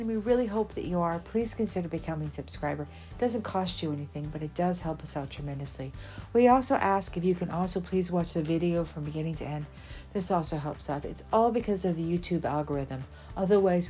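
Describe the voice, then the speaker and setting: In a mellow, fairly low voice, a Southern U.S. woman narrates a casual cooking demo for her channel, walking through a recipe with fillers and little laughs.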